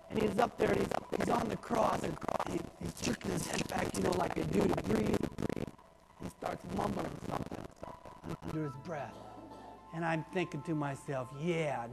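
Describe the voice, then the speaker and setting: A pastor playing a rough, streetwise ex-criminal in a sermon monologue, with coarse, colloquial talk that swings from loud outbursts to hushed tones. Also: male voice, high voice. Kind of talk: first-person dramatic monologue in a sermon. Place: church. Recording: reverberant church sanctuary with faint music.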